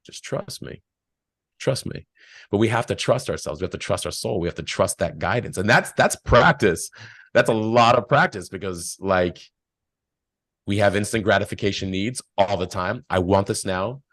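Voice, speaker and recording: A man's voice: fairly low pitch, moderate pace, fairly bright tone, dry recording. A man talking casually and reflectively as a podcast guest, telling stories with quoted voices. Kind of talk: casual spiritual talk.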